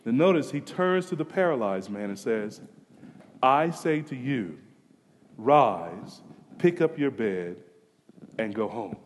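A man preaching a sermon, swinging from hushed passages to emphatic, near-shouted climaxes. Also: medium pitch, expressive, takes it slowly, pauses often, a little hiss or hum. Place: church sanctuary. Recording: long reverb of a large hall.

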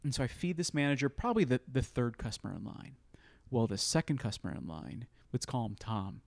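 A man's voice: medium pitch, a little fast, gravelly, no room sound. A man telling a work story in a casual podcast chat and acting out the dialogue as he goes. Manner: animated storyteller who acts out quoted dialogue. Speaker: podcast co-host.

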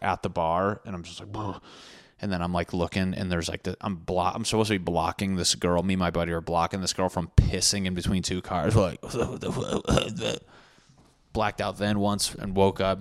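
Very deep-voiced young man rambling crudely. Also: no echo, clean studio sound. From Connecticut. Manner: crude, swearing, rambling storytelling. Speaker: podcast host. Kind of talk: casual rambling monologue.

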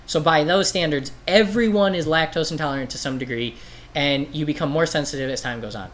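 On a podcast, a man rambles through a comic story in casual chat, swearing and acting out the voices of the people in it. His voice is on the high side, fairly quick and a bit bright.

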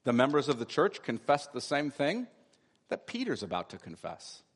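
A man's voice: medium pitch, huge pitch swings, normal speed, slightly rough. A man preaching a sermon, explaining scripture with emphatic repetition. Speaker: pastor. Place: church sanctuary. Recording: long hall reverb.

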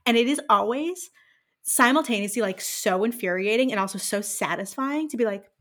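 A young woman co-hosting a casual podcast. She tells stories in an animated, chatty way and says "like" constantly. Her voice sits at an ordinary middle pitch. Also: brisk. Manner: animated storytelling, lots of "like". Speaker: podcast co-host. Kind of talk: casual chat.

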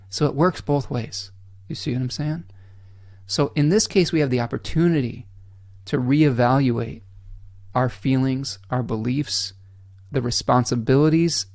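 A man's voice: mid-range voice, vocal fry, dry recording, clean studio sound. A man hosting an astrology livestream, talking earnestly and candidly, often checking in with his listeners. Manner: candid and blunt, drops mild swears; emotional, softening to near-whisper at times. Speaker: astrology channel host.

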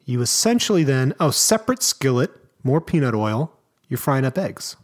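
At a normal speed and medium pitch, a man co-hosting a podcast keeps the chat casual, spinning lively, enthusiastic stories and joking freely.

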